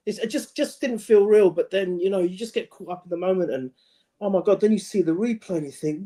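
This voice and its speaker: A man co-hosting a casual football podcast, talking in an excitable, emphatic way. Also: high voice, a little fast. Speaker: podcast co-host.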